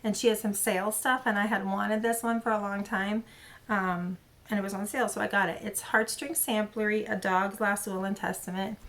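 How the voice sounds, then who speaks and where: Woman host, casual show-and-tell vlog, gravelly fry, rambling and chatty. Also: medium pitch, steady tone, normal speed, a bit bright. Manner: chatty, rambling with many fillers and self-corrections. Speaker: cross-stitch channel host.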